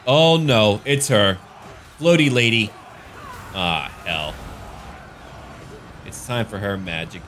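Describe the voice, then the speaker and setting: A man's voice: on the low side, takes it slowly, pauses often, a bit bright, a little hiss or hum. A man giving casual, jokey commentary over a strategy game battle. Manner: goofy, jokey, slips into silly voices. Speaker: gaming YouTuber.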